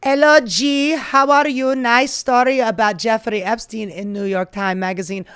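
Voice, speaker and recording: A woman's voice: fairly high pitch, steady tone, normal speed, fairly bright tone, clean tone, voice pushed up, natural voice. A woman doing an impression of a gushing society wife with a put-on Slovenian accent, in a sugary, exaggerated way.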